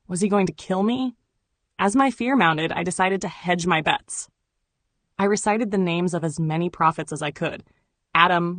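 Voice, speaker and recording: A woman narrates a first-person memoir in an even, measured delivery. Her voice sits slightly low, and the recording is dry and close with no room sound. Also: no echo. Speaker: audiobook narrator.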